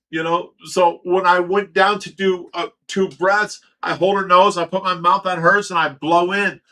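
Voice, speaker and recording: Bright-voiced middle-aged man telling a story. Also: high-pitched. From Ohio, USA. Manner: profane, stammers and repeats words. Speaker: livestream host. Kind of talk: casual storytelling.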